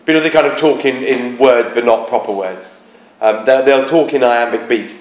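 A man teaching a class, talking haltingly, searching aloud for words and chanting rhythms to show them. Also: medium pitch. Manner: demonstrates rhythms by chanting beats. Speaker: English teacher. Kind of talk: classroom explanation of a play. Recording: roomy, echoey classroom.

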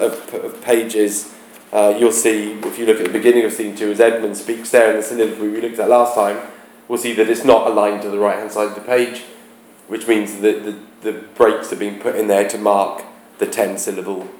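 Male teacher, lowish voice, halting delivery that searches for words, chants beats to demonstrate, echoey room. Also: level tone, a little mellow, a little hiss or hum. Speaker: English teacher. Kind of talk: classroom explanation of a play. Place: classroom. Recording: roomy, echoey classroom.

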